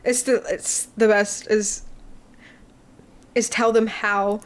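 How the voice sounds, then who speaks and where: A woman's voice: mid-range voice, takes it slowly. A young woman from New Zealand with a Kiwi accent, a guest musician chatting casually, joking and swearing freely. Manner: joking, deadpan tall tales, swears freely. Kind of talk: casual chat.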